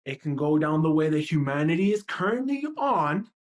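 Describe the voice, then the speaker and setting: A low-voiced woman with big swings in pitch speaks at a moderate pace during her livestream. As host, she delivers an angry, profanity-laced rant built on repeated rhetorical questions.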